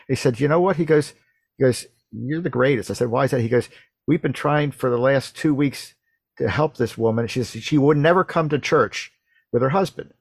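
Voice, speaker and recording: A man's voice: mid-range voice, dry recording. Male host type, retells a story conversationally, stumbles and restarts a lot, dry mic. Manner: halting, repeats words and restarts often. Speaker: radio show host.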